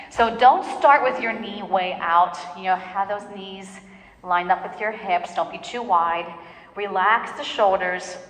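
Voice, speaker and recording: A woman leads a pilates class, counting down reps and cheering her students on. Her voice is of middle pitch and rings out in a roomy space with a long reverb tail. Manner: encouraging, counts reps, coaching a class in the room. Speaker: pilates instructor. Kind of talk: live class instruction.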